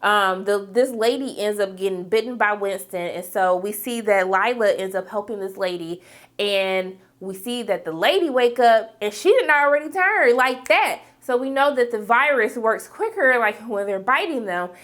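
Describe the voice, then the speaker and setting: A woman's voice: mid-range voice, normal speed, fairly bright tone. A woman giving a casual, chatty recap of a TV episode, calling her viewers "y'all" and acting out the characters' lines. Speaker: TV episode reviewer.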